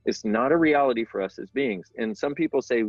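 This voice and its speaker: A man's voice: medium pitch, fairly quick, no echo. Earnest middle-aged man explaining at length. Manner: earnest, rambling, self-deprecating. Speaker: interview guest. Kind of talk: casual explanatory talk. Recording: dull sound with faint background music.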